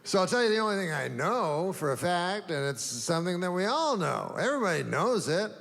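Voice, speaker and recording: A middle-aged man doing a stand-up routine in a deadpan, rambling way, halting and restarting, with an audience laughing. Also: sits high, creaky. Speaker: stand-up comedian. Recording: live hall with crowd noise.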